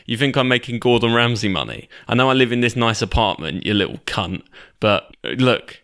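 A man's voice: mid-range voice, animated, a little fast, a bit bright, smooth. A man quoting a furious, foul-mouthed woman chef. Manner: profane, threatening.

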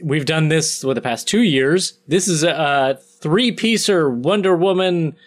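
A man's voice: fairly high pitch, a little slow. A man co-hosting a podcast over a video call, chatting casually and making jokes. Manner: jokey, riffing. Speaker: podcast co-host. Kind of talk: casual chat.

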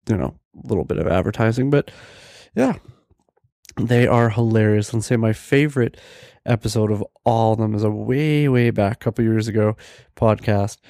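A young man talks through his own podcast in an easygoing, enthusiastic ramble, full of restarts and fillers. His voice sits on the low side with a mellow, relaxed tone, recorded dry and close with no room sound. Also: normal speed, dry recording. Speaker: podcast host. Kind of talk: casual solo podcast talk.

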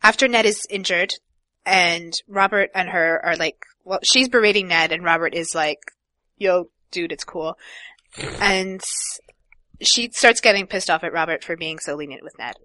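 Casting: young woman, bright crisp tone, lowish pitch, loose chatty delivery. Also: normal speed, dry recording. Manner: casual, filler-heavy, laughs often. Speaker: podcast co-host. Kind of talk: casual book discussion.

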